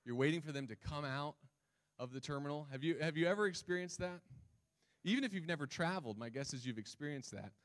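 A man's voice: on the high side, fast. A man preaching a sermon, reading scripture and talking casually with the congregation, often asking them questions. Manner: conversational, asks the congregation questions. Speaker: pastor.

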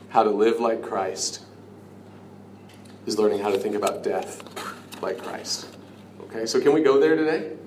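A man preaching a sermon in an earnest, conversational way, dropping to a hush on key lines. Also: mid-range voice. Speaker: pastor. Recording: echoey room with faint ambient noise.

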